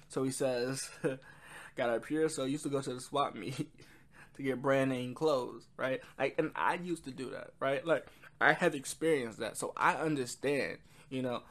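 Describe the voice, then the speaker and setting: A man's voice: medium pitch, a bit bright. A man casually reviewing an album, rambling with frequent ums and quoting lyrics. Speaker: music reviewer.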